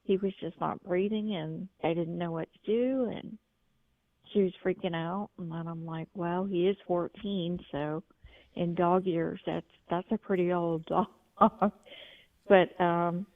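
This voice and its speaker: Caller, woman, low-ish fry-heavy voice, rambling testimony; dry, phone-thin sound. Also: fairly even intonation, a little slow, no echo. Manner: rambling storytelling with frequent restarts. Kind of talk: call-in testimony. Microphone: telephone. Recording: tinny phone line, dry.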